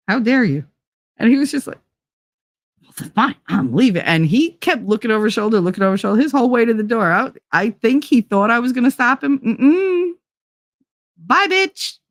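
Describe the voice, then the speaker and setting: A woman hosting a casual chat show, telling a story in a blunt, animated way and swearing freely. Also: medium pitch, no echo. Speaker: host.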